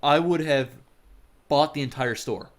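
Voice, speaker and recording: A man casting a game, telling a rambling, animated story in casual chat. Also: on the high side, a little slow. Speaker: game caster.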